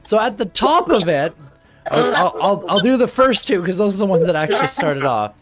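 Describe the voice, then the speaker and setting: A man running a tabletop game as game master, chatty and animated, often laughing as he talks through the rules. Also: high voice, moderate pace, soft background music.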